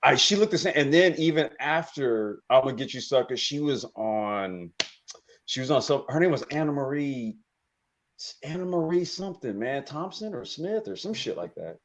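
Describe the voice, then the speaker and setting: Male panel guest, lively swooping delivery, dull lo-fi sound, swears a lot. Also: medium pitch, moderate pace, a little hiss or hum. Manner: animated, profane, repeats himself. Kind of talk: casual panel chat. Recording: lo-fi remote audio.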